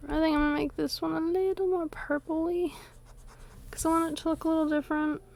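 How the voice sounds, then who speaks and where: A woman's voice: extremely high pitch, level tone, a little fast, creaky, a little mellow. A woman streaming her art on a desktop USB microphone at home. She chats in a playful, rambling way and hums to herself while she draws. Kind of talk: casual chat while drawing on stream.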